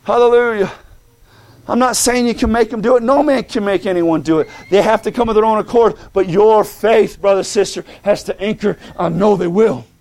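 A male preacher giving a fervent sermon, calling out to the congregation and swinging between shouting and hushed tones. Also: high voice, brisk, few pauses.

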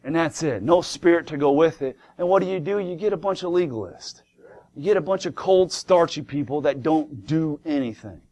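A man's voice: a little high, moderate pace, a little mellow. A man preaching a sermon to a congregation in church, emphatic, asking rhetorical questions and repeating key words.

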